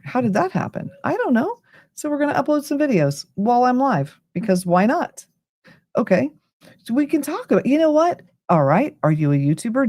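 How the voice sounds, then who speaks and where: A woman's voice: mid-range voice, darkish tone, no room sound, clean studio sound. A middle-aged woman from the United States, tired and yawning, chatting casually and rambling as she hosts a late-night livestream. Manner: chatty, rambling, easily sidetracked. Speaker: livestream host.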